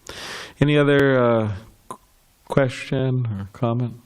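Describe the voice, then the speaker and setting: A man's voice: medium pitch, unhurried, clear, resonant tone. A man leading a scripture class, telling stories in a chatty way with laughs and restarts, then taking questions. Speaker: class speaker.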